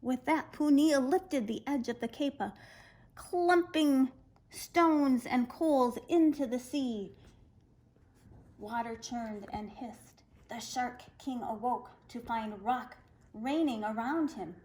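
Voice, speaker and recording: Woman reading a children's folktale slowly. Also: fairly high pitch, low-quality recording. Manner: expressive, animated reading. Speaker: children's storyteller.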